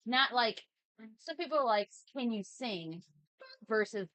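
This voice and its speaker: A woman's voice: on the high side, expressive, measured pace, fairly bright tone, no room sound. A woman in her thirties hosting a livestream, chatting playfully and reading out chat messages while she draws. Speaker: livestream host.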